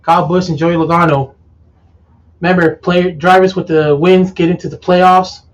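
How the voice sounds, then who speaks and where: High-voiced man hosting sports talk. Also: steady tone, moderate pace, far from the mic, poor audio. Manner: teasing, reads lists with hesitant fillers. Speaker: sports talk show host. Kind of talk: casual sports talk, reading race results.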